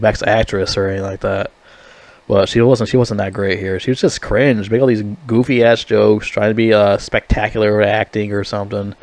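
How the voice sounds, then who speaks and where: A man's voice: lowish voice, a little mellow, dry recording. A young man giving a casual movie review, rambling, blunt and full of swearing. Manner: rambling, heavily profane, blunt.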